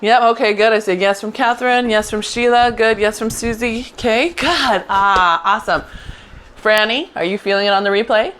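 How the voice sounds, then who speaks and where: A middle-aged woman teaching a Pilates mat class, giving quick encouraging cues and praising often. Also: on the high side, steady tone, a bit bright, clean tone. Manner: encouraging, upbeat cues with frequent "good". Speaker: Pilates instructor. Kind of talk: live online class instruction.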